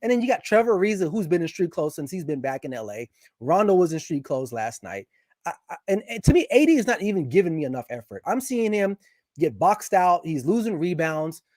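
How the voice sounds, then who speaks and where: A man whose voice is notably high talks sports briskly as a guest, full of energy and opinions. Building his points, he often goes back and restarts sentences. The sound is close and dry, with no room reverberation.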